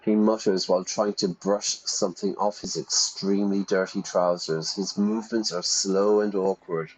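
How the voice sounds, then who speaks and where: A man's voice: low voice, little pitch movement, normal speed, a little hiss or hum, low-quality recording. A British or Irish man teaching English while reading game dialogue aloud and explaining phrases. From Britain or Ireland.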